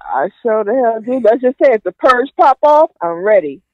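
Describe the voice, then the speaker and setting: A woman's voice: on the high side, big pitch swings, moderate pace, no room sound, highs cut off. A woman co-hosting a live talk show, talking casually in a laid-back drawl. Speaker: radio co-host.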